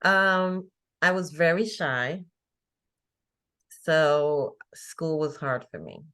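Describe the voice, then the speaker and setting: A woman's voice: low voice, animated, drawn-out words, a bit bright, smooth. A woman in her fifties from England, chatting as an interview guest and telling stories with easy laughs. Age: 50s. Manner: chatty storyteller, laughs easily. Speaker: guest, faith coach. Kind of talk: casual interview chat.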